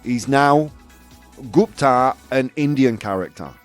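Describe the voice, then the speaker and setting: Male host of a live chat show: animated, teasing, laughs a lot, his pitch swinging high and low over faint music. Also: slow. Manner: animated, laughs often, provocative asides.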